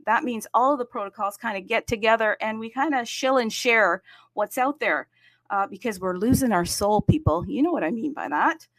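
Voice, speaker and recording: A woman's voice: on the high side, expressive, a bit bright. A woman hosting a casual livestream, chatty and upbeat, greeting viewers city by city and talking to the audience with frequent fillers. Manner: frequent fillers, self-aware about talking fast. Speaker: livestream host. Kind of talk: casual crypto livestream chat.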